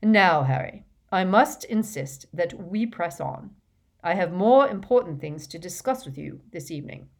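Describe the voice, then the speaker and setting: A woman reading as an old, wise male headmaster, measured and gently stern. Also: on the low side, lively intonation. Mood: gently firm. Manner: measured, sharp when pressed.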